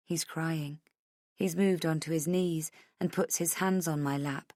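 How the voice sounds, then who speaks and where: A woman narrating a suspense audiobook in the first person, measured and tense. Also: low voice, fairly even intonation, darkish tone, no echo, studio quality.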